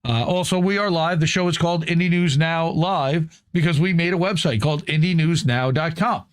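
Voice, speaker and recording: Man, livestream news host, casual and grateful, slightly high voice, repeats words. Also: normal speed.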